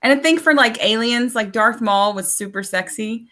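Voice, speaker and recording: Woman podcast guest, playful and giggly, slightly high pitch. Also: moderate pace, bright, forceful tone. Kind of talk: casual group chat.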